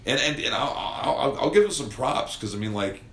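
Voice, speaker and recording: A man in his thirties co-hosting a casual podcast, excitable and swearing, with many fillers. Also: mid-range voice, normal speed, a little hiss or hum. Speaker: podcast co-host. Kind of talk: casual chat. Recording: echoey room, faint ambience.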